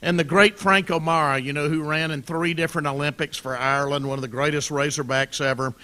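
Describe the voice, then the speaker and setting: Bright-voiced jovial male emcee. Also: a little high, steady tone. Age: middle-aged. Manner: jovial storytelling, quick asides. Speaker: event host. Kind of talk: luncheon emcee remarks.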